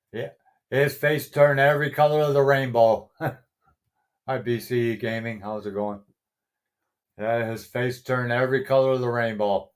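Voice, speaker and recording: A middle-aged man hosting a casual live stream, greeting viewers by name, chuckling often and swearing mildly. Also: mid-range voice. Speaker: livestream host.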